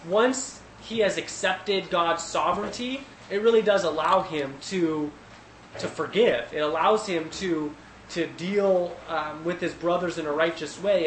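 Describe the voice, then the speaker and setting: A man leading a casual Bible study who thinks aloud with fillers and restarts, getting animated when he retells scenes. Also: high voice, echoey room, a little hiss or hum, low-quality recording.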